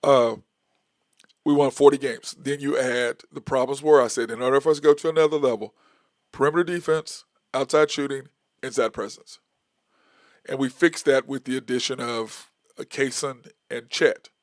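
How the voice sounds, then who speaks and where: A man hosting a sports talk show, giving a casual, rambling opinion monologue and counting stats out loud as he corrects himself. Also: medium pitch, fairly even intonation, moderate pace, dry recording, clean studio sound.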